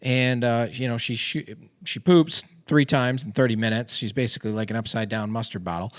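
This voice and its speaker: A man's voice: mid-range voice, a little fast, dry recording, clean studio sound. A man in his thirties hosting a casual podcast, a chatty, self-deprecating storyteller who uses lots of fillers. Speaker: podcast host and financial advisor. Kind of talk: casual chat over a beer.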